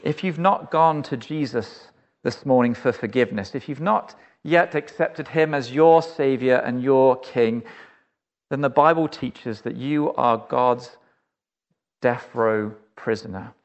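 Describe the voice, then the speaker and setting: Slow-talking preacher man. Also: dull audio. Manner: vivid storytelling, speaking to the listener directly; drops soft and low to plead. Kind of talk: sermon.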